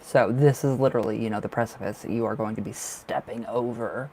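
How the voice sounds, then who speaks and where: A man's voice: mid-range voice, fairly even intonation, fairly quick, gravelly, mellow, slight background noise. Guy doing live tarot readings, chatty, reassuring, kinda emotional, lots of you knows. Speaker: tarot reader.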